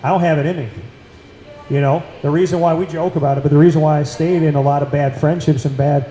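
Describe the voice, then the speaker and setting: A man with a Central New York accent talks earnestly on a casual talk show. His voice sits a little high but sounds dark and mellow. The room around him is echoey. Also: steady tone, fast talker. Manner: earnest, emphatic, repeats phrases for weight. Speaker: podcast host.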